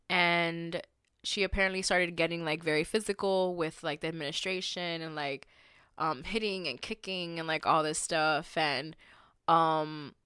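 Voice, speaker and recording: A woman hosting a podcast in casual chat. Her voice sits on the lower side yet sounds bright and smooth. She rambles through her story with plenty of fillers and grows heated and indignant, all recorded close and dry. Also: no room sound. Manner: heated and indignant when riled. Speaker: podcast host.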